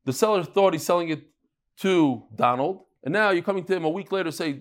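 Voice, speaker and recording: A man teaching a daily Talmud class, telling stories and acting out voices in a lively, informal way. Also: sits high, a little fast. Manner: animated storytelling, mixes Aramaic and Yiddish terms.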